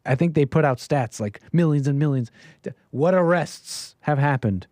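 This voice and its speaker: A man hosting a livestream, ranting in commentary style with animated bursts and lots of restarts. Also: on the high side, no echo, clean studio sound. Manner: animated, rapid restarts, sudden loud bursts. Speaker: livestream host.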